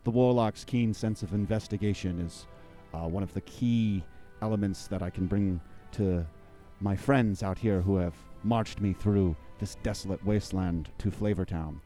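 A very deep-voiced man with a dark, mellow tone plays a warlock in a tabletop game. He uses mock-grand, archaic phrasing, and faint music plays underneath. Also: steady tone, moderate pace, hardly any pauses. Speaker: player, warlock. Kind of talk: in-character tabletop roleplay.

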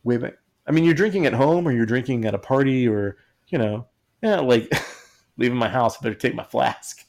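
A man's voice: mid-range voice, moderate pace, creaky, a little mellow. A man co-hosting a podcast in casual, joking chat, rambling and acting out quotes in silly voices. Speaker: podcast co-host.

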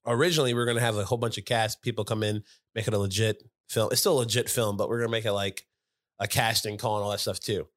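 A man's voice: lowish voice, fast, dry recording, studio quality. Podcast guy telling stories, laughs a lot, voices people in the story. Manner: animated storyteller, laughs often, acts out quotes. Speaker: podcast co-host. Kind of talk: casual podcast chat.

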